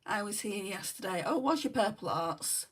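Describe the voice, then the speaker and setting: A woman's voice: mid-range voice, lively intonation, normal speed, recorded from a distance, heavy background noise. A woman with a New Zealand accent hosting a casual makeup livestream, chatting and answering viewer comments as she does her makeup. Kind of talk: casual chat reading live comments.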